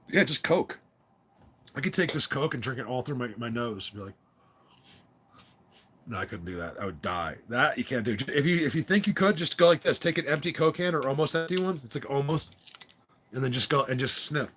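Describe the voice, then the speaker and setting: Husky middle-aged man, rambling livestream host, reads viewer comments, laughs a lot. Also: medium pitch, fairly bright tone. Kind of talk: casual livestream chat.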